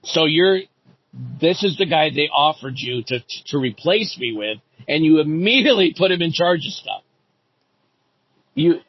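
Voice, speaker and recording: A man's voice: on the high side, breathy edge. A middle-aged man, a former coach, in an indignant, profane and sarcastic rant about a rival. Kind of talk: ranting monologue. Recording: dull lo-fi recording.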